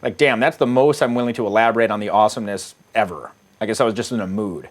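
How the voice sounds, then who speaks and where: A middle-aged American man with a lowish voice talks fast. He's a dating coach reading out his dating-app chats in a casual, profane way and often laughs at his own jokes.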